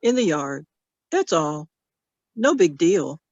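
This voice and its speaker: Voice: mid-range voice, sing-song, a little mellow, no room sound, heavily acted. A reader doing a shy, pleading young boy. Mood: sheepish. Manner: hesitant, pleading, slow. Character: shy boy embarrassed about a wish. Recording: dull dry video-call audio.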